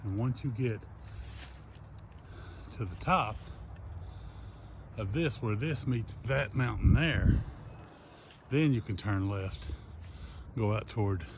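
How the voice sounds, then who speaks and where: A man's voice: lowish voice, slow pace, pauses often. A man, filming outdoors on a phone as he climbs a hill, rambling in a folksy way about the landmarks below and a bit out of breath. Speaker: hiker filming his walk. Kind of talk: casual handheld vlog narration. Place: outdoors on a hillside. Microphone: phone held by the speaker. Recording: outdoor phone recording with noise.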